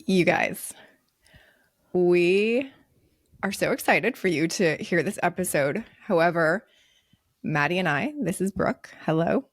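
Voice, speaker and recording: Bubbly young American woman, podcast co-host, slightly low with vocal fry. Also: slow, pauses often, dry recording, clean studio sound. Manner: bubbly, chatty with fillers. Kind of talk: casual chat.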